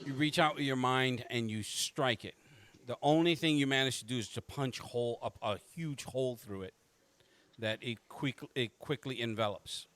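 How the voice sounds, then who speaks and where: A man's voice: mid-range voice, normal speed, clean tone, no echo. A man narrating as game master of a tabletop game, with frequent restarts as he describes the scene. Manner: animated, stumbling restarts.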